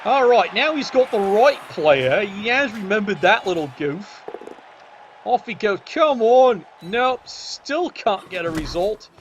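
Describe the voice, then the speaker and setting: A man's voice: sits high, very animated, slow pace, a little hiss or hum. A man giving cheeky, sardonic commentary on a tabletop game match.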